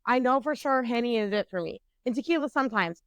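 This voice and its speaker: A young woman co-hosting a casual podcast. Her voice is a bit high and very clear, her talk blunt, swear-heavy and self-mocking, full of restarts as she tells the story. The sound is close and dry. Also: lively intonation, fast talker, a bit bright, no echo. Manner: profane, candid, self-mocking; rambling with frequent fillers and restarts. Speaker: podcast co-host.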